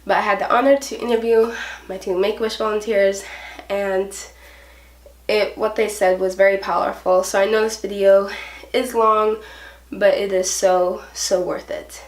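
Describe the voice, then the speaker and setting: A woman vlogger opening her video to camera, rushing to keep the intro short. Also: mid-range voice, flat delivery. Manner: hurried, aiming to talk fast. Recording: echoey room.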